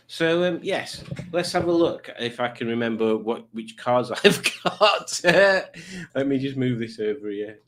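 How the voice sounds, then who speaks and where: A man's voice: mid-range voice, lively intonation, measured pace, a bit bright. A man hosting a live stream, chatting casually and reading out viewer messages in silly voices. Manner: joking, reads chat messages aloud in silly voices. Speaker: livestream host.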